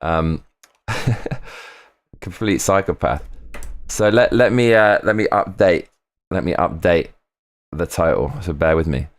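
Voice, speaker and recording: A man casually chatting on a live stream, reading out viewer comments, excitable and swearing often, repeating himself. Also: low-pitched, takes it slowly, pauses often.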